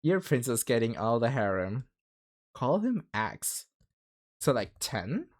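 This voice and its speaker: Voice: mid-range voice, sing-song, slow pace. A livestreamer chatting casually with viewers, rambling with many fillers and laughing often. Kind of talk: casual stream chat.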